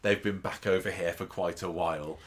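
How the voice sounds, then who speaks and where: A man's voice: low voice, steady tone, moderate pace. A man co-hosting a casual podcast chat, rambling with frequent restarts and chuckles. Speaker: podcast co-host. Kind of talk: casual chat about a soap opera.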